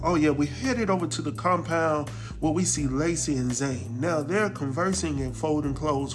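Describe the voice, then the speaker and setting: A man hosting a casual episode recap, telling the story in a lively, slangy way and acting out the characters' lines. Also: on the high side. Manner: slangy, laughs at his own jokes. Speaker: recap show host.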